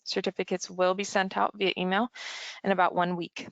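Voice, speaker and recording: A woman's voice: medium pitch, level tone, brisk, vocal fry, no room sound, dull audio. A woman, an event manager, moderating a webinar and reading out logistics and the speaker's introduction from a script. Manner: reads from a script, businesslike.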